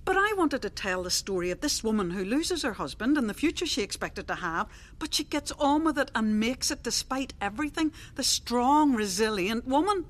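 A woman narrating a scripted dramatic monologue in a confiding, lively storyteller manner. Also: on the high side, moderate pace, hardly any pauses.

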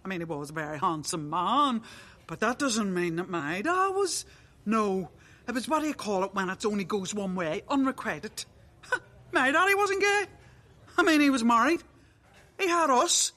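A woman voicing an excitable, chatty middle-aged woman who laughs easily, in a radio drama. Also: mid-range voice, normal speed. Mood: excited.

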